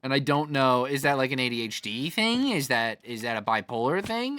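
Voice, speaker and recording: A man's voice: mid-range voice, big pitch swings, moderate pace, bright, forceful tone. A man streaming a game, chatting casually in a rambling, profane way, laughing often and reading out chat comments. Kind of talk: casual chat while gaming.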